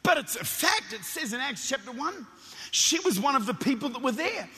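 A man from Australia with an Australian accent, preaching a lively sermon in a church, telling stories with excited stammered restarts. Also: very high voice, moderate pace, husky, in a large hall. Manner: energetic, animated storytelling with stammered restarts.

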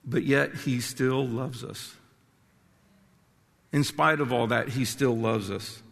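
Brief: older man, passionate pulpit preacher, gravelly voice, long hall reverb. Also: medium pitch, slow pace, a bit bright. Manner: passionate, emphatic preaching with restarts. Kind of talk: sermon.

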